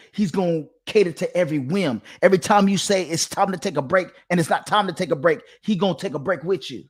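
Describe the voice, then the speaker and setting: A man with a fairly high-pitched voice hosts his own channel, speaking directly to his audience. He lectures emphatically, hammering the same points again and again as he addresses his listeners head-on. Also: darkish tone. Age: adult, father of two. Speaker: channel host giving dating commentary. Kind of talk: direct-to-camera monologue.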